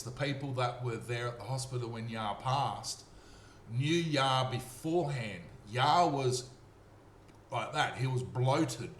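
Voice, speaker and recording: A man's voice: medium pitch, fairly bright tone. Earnest Australian man in a roomy echo. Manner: earnest, repetitive, checks in with "okay?". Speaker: storyteller. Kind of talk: rambling personal testimony. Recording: roomy echo, faint noise.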